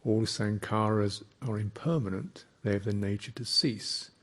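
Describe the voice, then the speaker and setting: A man, a Buddhist monk, giving a slow, reflective dharma talk with thoughtful pauses. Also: fairly low pitch.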